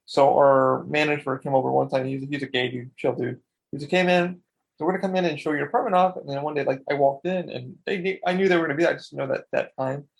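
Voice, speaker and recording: A man's voice: on the high side, steady tone, fast talker, creaky. A man co-hosting a podcast, telling rambling stories in casual chat and swearing freely. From Florida. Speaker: podcast co-host.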